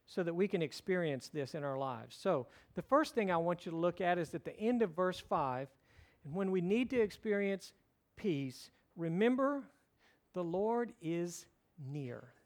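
A man's voice: high-pitched, expressive, measured pace. A middle-aged male pastor preaching a sermon in a conversational style, telling stories and mixing in light humor.

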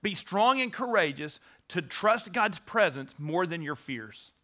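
A man's voice: high voice, animated, a little slow, bright, forceful tone. A man preaching a sermon, earnest, stressing key words and often restarting his sentences. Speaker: pastor.

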